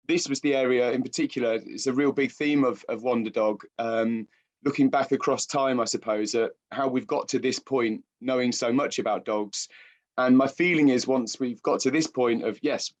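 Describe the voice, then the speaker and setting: A British man with a croaky voice giving a public lecture as guest speaker, hesitant with many fillers and restarts. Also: mid-range voice. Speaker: guest speaker, science writer.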